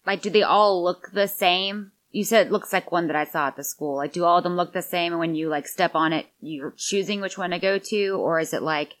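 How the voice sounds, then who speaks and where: A woman's voice: on the low side, brisk, hardly any pauses. A woman player chatting eagerly and asking curious questions at a tabletop game. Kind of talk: casual tabletop play.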